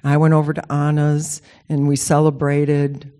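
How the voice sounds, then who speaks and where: A woman telling a personal story in a casual, animated and emotional way, with rambling restarts. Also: deep voice, measured pace. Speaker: speaker sharing a personal story.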